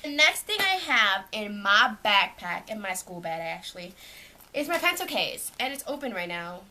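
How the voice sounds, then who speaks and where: A woman's voice: medium pitch, sing-song, moderate pace, sharp tone. A young woman from Canada, chatting casually at home as she shows what is in her school bag, rambling with lots of "like.". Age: young adult. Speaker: vlogger. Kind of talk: casual show-and-tell vlog. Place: at home, indoors.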